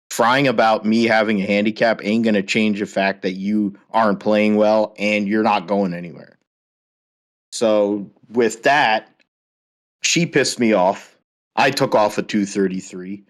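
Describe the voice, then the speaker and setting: A man's voice: lowish voice, fairly even intonation, normal speed. A man hosting a podcast, ranting heatedly with a lot of swearing in casual chat. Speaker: podcast host.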